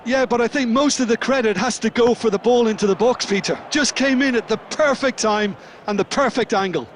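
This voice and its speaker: A man voicing a seasoned male football colour commentator in a video game, explaining the play in a steady, thoughtful way. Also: extremely high pitch, brisk, a little hiss or hum. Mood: analytical. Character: seasoned male football pundit, calm and analytical. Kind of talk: scripted video game match analysis.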